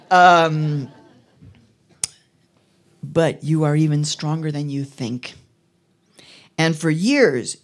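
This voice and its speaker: A woman in her fifties, from Mexico City and raised in Chicago, giving a keynote speech at an arts venue in a lively storytelling way, with frequent fillers. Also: sits low. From born in Mexico City, grew up in Chicago. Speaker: keynote speaker. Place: arts venue event with a live audience.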